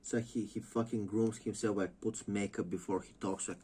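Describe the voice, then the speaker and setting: A man's voice: lowish voice, fairly even intonation, a little fast, warm tone, slightly rough. A man ranting casually and profanely as a wrestling vlogger, rambling and mocking. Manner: rambling, mocking, lots of filler and restarts.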